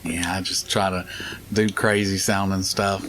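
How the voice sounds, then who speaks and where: A man's voice: deep voice, flat delivery, a little slow, fairly bright tone, a little hiss or hum. A middle-aged man chatting casually while playing a game, rambling through stories and laughing often. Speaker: gaming channel host.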